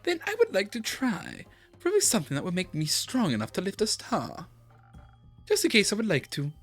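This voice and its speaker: A streamer voicing a cheerful, clingy, dramatic male vampire in a video game, speaking in a theatrical, high, gushing way. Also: huge pitch swings, brisk, fairly bright tone, soft background music, heavily acted. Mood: earnest. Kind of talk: voicing game characters while playing.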